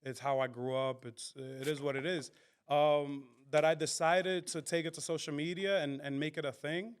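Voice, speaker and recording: Man, Dominican accent, slightly high voice, smooth, animated, mixes English and Spanish, podcast guest. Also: moderate pace. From Dominican Republic. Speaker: comedian guest. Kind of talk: casual podcast interview.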